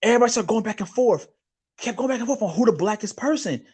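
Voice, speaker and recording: A man's voice: high voice, quick pace, husky. A man co-hosting a podcast, telling long rambling stories in casual chat and laughing along the way. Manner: rambling animated storytelling with laughs. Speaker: podcast co-host.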